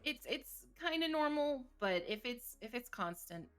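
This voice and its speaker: Her voice on the high side and sing-song, a woman therapist guesting on a stream discusses mental health candidly at a measured pace. The tone is a little bright, and she laughs and jokes frequently throughout the conversation.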